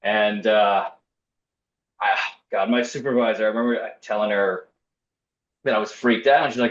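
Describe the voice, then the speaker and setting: A man's voice: lowish voice, moderate pace, pauses often. Wry young man telling a story. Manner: wry, self-deprecating, acts out quoted voices. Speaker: storyteller guest. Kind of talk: casual personal storytelling. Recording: roomy, slightly dull podcast audio.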